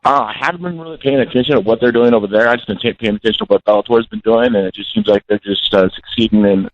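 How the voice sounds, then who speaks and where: A man in his forties, a guest fighter, phones in to an interview and speaks bluntly and intensely, repeating himself. His voice is on the low side and quick, coming through dull lo-fi call-in audio.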